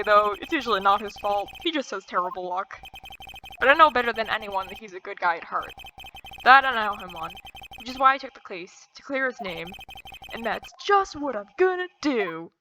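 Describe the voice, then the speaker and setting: A woman's voice: on the high side, animated, a little fast, sharp tone, slight background noise, poor audio. A woman voicing a nervous young male rookie lawyer, narrating earnestly in her own voice.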